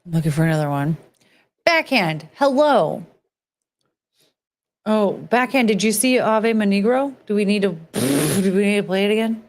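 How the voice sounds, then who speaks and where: A woman's voice: medium pitch, lively intonation, moderate pace. A woman host chats loosely while reacting to clips, drifting from topic to topic. She is blunt, swears casually, and speaks in a mid-range voice.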